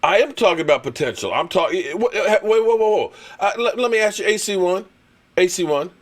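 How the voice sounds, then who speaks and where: Male sports stream host, argumentative and animated, lively delivery. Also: sits high, fairly quick. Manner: animated, argumentative, reads super chats. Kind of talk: live-streamed sports rant.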